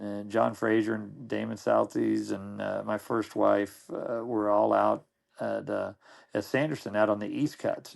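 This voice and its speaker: With a lowish, creaky voice, a middle-aged podcast guest recounts old anecdotes in casual conversation. He rambles, frequently restarting his sentences and repeating words.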